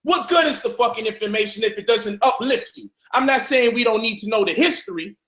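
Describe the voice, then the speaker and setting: A man arguing forcefully in a heated discussion, preaching and swearing freely. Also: extremely high pitch, brisk, roomy sound. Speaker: speaker in a debate.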